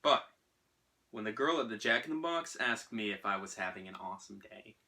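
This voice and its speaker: A sardonic, self-pitying sad sack delivers a deadpan comedic monologue, acted by a man. His pitch swings all over with lively emphasis. The tone is very bright and cutting, with flashes of exasperation. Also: brisk, creaky, heavily acted. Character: gloomy self-pitying man telling a bleak anecdote.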